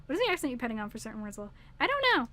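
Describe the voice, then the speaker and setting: A woman's voice: on the high side, big pitch swings, bright, forceful tone, a little hiss or hum. A young woman commenting on a game as she plays, gushing and swearing freely. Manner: gushing, swearing, quick laughs. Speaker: gaming streamer. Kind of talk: let's play commentary.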